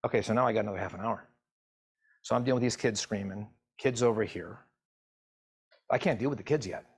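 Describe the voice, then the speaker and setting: Husky middle-aged man telling a story. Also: lowish voice. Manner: emotional, halting storytelling. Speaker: physician assistant and medical educator. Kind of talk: personal story told to camera.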